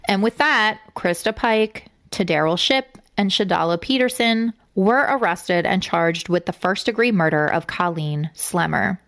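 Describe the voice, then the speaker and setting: A woman's voice: mid-range voice, unhurried, few pauses, a bit bright. A young adult woman co-hosting a true-crime podcast, talking bluntly and with a lot of swearing as she gets emotional. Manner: blunt and profane, getting emotional. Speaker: podcast co-host.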